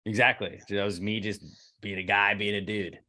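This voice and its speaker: A young man with a fairly low voice co-hosts a casual podcast. He tells animated stories, curses freely and acts out both sides of an argument. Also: a little fast. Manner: animated storyteller, swears freely, acts out quoted exchanges. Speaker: podcast co-host.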